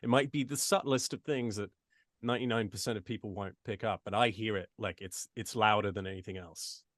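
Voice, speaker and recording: A male voice actor from the United States who speaks with an English accent is the guest in a casual interview, full of restarts and asides. He talks fairly quickly in a low-leaning, steady, fairly bright voice. The recording is dry and studio-clean.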